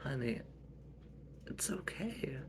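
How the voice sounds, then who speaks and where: Brief: a devoted, soothing mom, read by a man, unhurried delivery. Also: mid-range voice, big pitch swings, background noise. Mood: tender. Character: gentle, devoted mother with supernatural powers.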